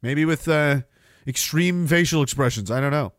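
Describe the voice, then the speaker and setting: A man's voice: fairly high pitch, moderate pace, no echo, studio quality. A man hosting a podcast, delivering rambling political commentary in a sarcastic, profane way. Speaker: podcast host. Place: Canada.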